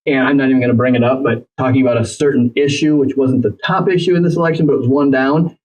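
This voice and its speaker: A man's voice: medium pitch, fast talker. A man, a relationship coach chatting casually and acting out bits of dialogue with joking asides. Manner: animated, acts out dialogue with jokey asides. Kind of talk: casual conversational advice. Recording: slightly dull, lo-fi audio.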